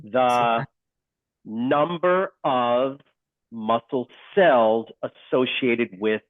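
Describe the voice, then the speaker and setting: A male instructor giving a live online lesson. He is animated, keeps questioning the class and repeats key points slowly. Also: mid-range voice, no echo. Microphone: video call. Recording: dry, phone-like call audio.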